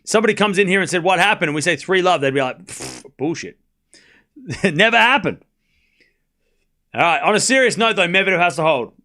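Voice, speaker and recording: A high, bright-voiced man runs a live tennis watchalong stream, switching between quick point-by-point calls and sarcastic asides to his chat. His pitch swings widely as the rallies build. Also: animated. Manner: rapid play-by-play calls. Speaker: stream host and commentator.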